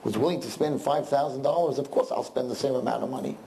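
A man's voice: mid-range voice, fast, gravelly, mellow, slight background noise, natural voice, low-quality recording. A man as a naive, earnest peasant. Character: naive excited middle-aged peasant man.

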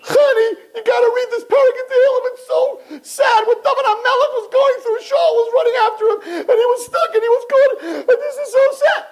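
A woman's voice: fairly even intonation, brisk, few pauses, a little mellow, poor audio. A woman voicing a weepy young woman who gushes breathlessly about a sad story. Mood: tearful gushing. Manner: sobbing, breathless, high-pitched gushing.

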